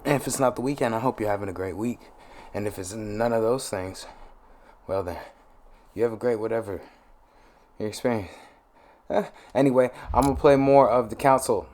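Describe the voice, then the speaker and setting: A man's voice: on the low side, fairly quick, pauses often, a little mellow. A man hosting a gaming channel, with laid-back, chatty and joking casual commentary.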